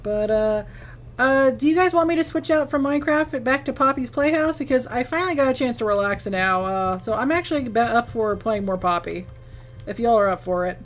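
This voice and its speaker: A woman's voice: on the high side, animated, fairly quick, slight background noise. A woman streaming a game and chatting casually, rambling with restarts and acting out quoted lines. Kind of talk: casual live-stream chat while gaming.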